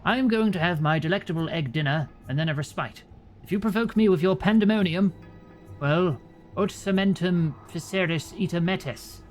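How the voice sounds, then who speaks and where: A man voicing a pompous male walrus in a game, speaking slowly with lofty, grandiose diction. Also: high voice, soft background music, pitched above the performer's own voice, lightly acted. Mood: haughty. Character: pompous male walrus who loves Latin.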